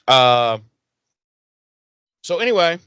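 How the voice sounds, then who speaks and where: A man's voice: medium pitch, takes it slowly, clear, resonant tone, no echo. A man co-hosting a podcast, recapping a TV episode in casual chat, swearing freely and acting out the characters' lines. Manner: profane, animated, acts out characters' lines. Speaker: podcast co-host.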